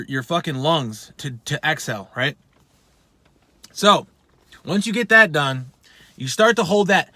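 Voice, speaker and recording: A man's voice: a little high, pushed and bright, no echo. A man giving a casual vocal lesson, talking bluntly with plenty of swearing and poking fun at himself. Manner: blunt, profane, self-deprecating. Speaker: vocal instructor.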